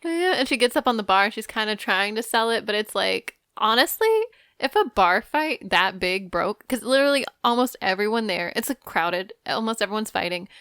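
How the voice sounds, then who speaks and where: A woman's voice: medium pitch, expressive, brisk, fairly bright tone, clean tone, no echo, studio quality. A young adult woman co-hosting a podcast, giving casual, opinionated takes on a movie and laughing easily. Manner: giggly, opinionated, self-described awkward. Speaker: podcast co-host.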